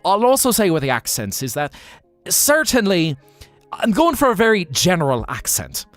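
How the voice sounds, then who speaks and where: A man hosting a livestream, chatting casually and rambling about accents. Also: on the high side. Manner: rambling, musing, animated. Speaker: livestream host.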